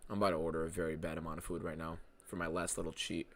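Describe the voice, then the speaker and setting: A young man hosting a live fight watchalong stream, talking casually and excitedly, swearing a lot and reading out viewer messages. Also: sits low, rapid-fire. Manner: excitable, profane, reads chat aloud.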